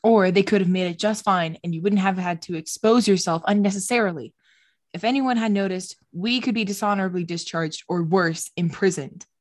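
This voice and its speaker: A woman's voice: mid-range voice, fairly quick, no room sound, clean studio sound. A woman co-hosting a podcast who reads fanfiction aloud reluctantly, making exasperated comments along the way. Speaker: podcast co-host. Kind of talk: casual podcast reading.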